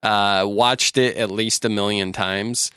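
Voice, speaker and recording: A woman's voice: rumbling low, fairly even intonation, takes it slowly, a bit bright, clean tone, no room sound, clean studio sound. A woman co-hosting a podcast in casual chat, joking and laughing as she talks. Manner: joking, laughs while talking. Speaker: podcast co-host.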